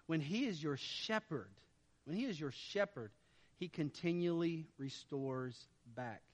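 A man preaching a sermon as pastor, swinging from quiet asides to loud, emphatic declarations. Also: a little high, lively intonation, unhurried, long reverb tail.

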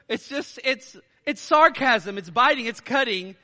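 A man preaching a sermon as pastor, animated and quick with sarcastic asides and laughter. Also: extremely high pitch. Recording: church hall reverb.

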